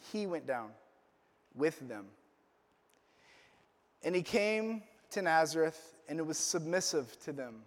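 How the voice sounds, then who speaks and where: A man preaching a sermon as a pastor, telling the story playfully with joking asides. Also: fairly high pitch. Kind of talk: Father's Day sermon. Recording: long reverb of a large hall.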